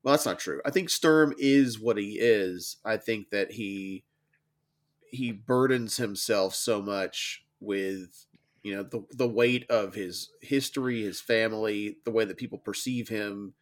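A man's voice: on the low side, measured pace. A man co-hosting a podcast, musing aloud about a book in casual chat and hedging his points as he goes. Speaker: podcast co-host.

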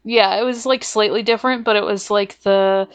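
A woman's voice: medium pitch, steady tone, normal speed, clear, resonant tone. A woman co-hosting a casual podcast, recapping an anime episode in a laid-back way with fillers, laughs and swearing. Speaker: podcast co-host.

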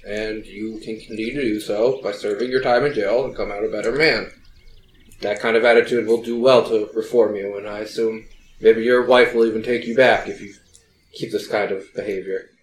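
A man playing a tabletop game, speaking in a measured, stern and formal way. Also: lowish voice, fairly even intonation, a little hiss or hum. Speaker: player. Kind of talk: in-character tabletop play. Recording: roomy recording.

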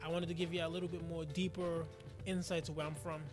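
A man who is a rapper, guest on an interview show, telling stories in lively casual talk and acting out voices. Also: fairly high pitch, quick pace, music in the background. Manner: animated storyteller, acts out quotes.

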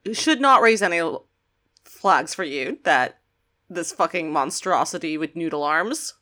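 A woman's voice: low voice, lively intonation, measured pace, pushed and bright. A woman co-hosting a podcast, chatting casually and sarcastically about a cartoon, with casual swearing. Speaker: podcast co-host. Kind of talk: casual chat recapping a cartoon.

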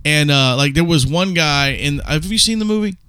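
A man's voice: on the high side, lively intonation, moderate pace, sharp tone, clean tone. A man co-hosting a podcast, telling a long rambling story in casual chat with some swearing. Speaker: podcast co-host.

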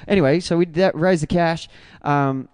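An Australian man in a band, talking in a rambling, excitable way with many restarts in a casual interview. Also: on the high side, normal speed, smooth, no echo. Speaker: band member.

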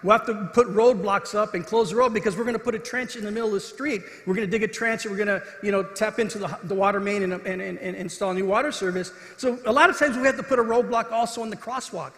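A man's voice: high voice, quick pace, hardly any pauses, fairly bright tone. A man preaching a sermon as pastor, earnest, acting out the voices in the scripture story. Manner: earnest preaching, acts out quoted voices with rising intensity. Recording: echoey hall.

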